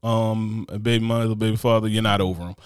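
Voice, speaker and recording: A man chatting as a podcast co-host, telling comic stories in a profane, animated rant with mocking voices. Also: fairly low pitch, quick pace, smooth, no echo, studio quality. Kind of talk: casual chat, comic storytelling.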